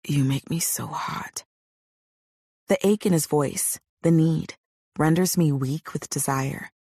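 A woman voicing a young man, a tender and eager lover, with a husky, hushed voice in an audiobook. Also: low voice, takes it slowly, no room sound, studio quality, full character voice. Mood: breathless. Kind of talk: audiobook character voice.

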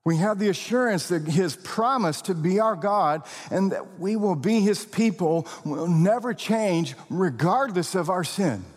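A male pastor preaching with a husky, slightly high voice that rises and falls a great deal. He speaks slowly and deliberately, stressing key words. His voice rings out with the long reverb of a large hall. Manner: expressive preaching, slow deliberate emphasis, occasional laughs. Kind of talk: sermon.

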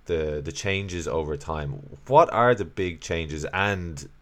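A man hosting a podcast, asking long, halting, rambling questions. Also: low voice, lively intonation. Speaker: podcast host. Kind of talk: interview questions.

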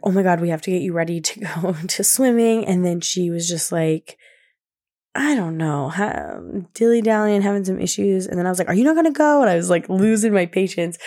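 Gravelly rambling young mom. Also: female voice, fairly low pitch, darkish tone. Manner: rambling, many fillers and laughs. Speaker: podcast host, mother. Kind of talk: casual personal talk.

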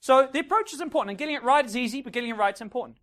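A man coaching a live audience as a dating coach. He talks in an animated way, acts out little scenes and keeps checking in with "right?" and "okay?". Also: very high-pitched, racing. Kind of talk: live seminar talk to an audience.

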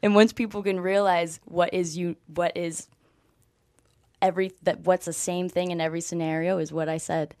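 A young woman, a guest on an interview show, telling her story with lively energy and acting out what people said. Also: on the low side, normal speed, no echo, studio quality. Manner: animated storyteller, acts out quoted dialogue, frequent "like". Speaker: guest, former college softball player. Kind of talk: conversational interview.

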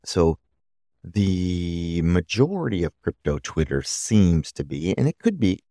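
Man, very low voice, gravelly, dry close sound, opinionated podcast monologue. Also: sing-song, slow, dark tone, dry recording. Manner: opinionated, rambling, restarts often. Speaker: podcast host.

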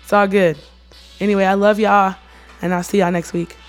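A woman hosting a casual faith podcast, talking in an earnest, conversational way with lots of slang and lively bursts. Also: medium pitch, normal speed, soft background music. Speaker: podcast host and worship leader.

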